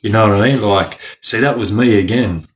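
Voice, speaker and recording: A man's voice: fairly low pitch, a little fast. A man, telling stories as a podcast guest in a rambling, slang-filled way that is broken up by frequent laughs. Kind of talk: casual storytelling.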